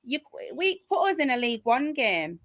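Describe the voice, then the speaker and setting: A woman's voice: high-pitched, big pitch swings, normal speed, fairly bright tone, no echo, studio quality. A woman football fan complaining in exasperation during casual chat.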